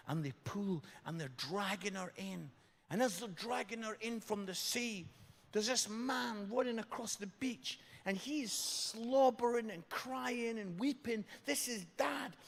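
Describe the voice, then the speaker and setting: A British man preaching an evangelistic sermon, telling a story and repeating phrases for emphasis. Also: high-pitched. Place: large church hall. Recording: long hall reverb.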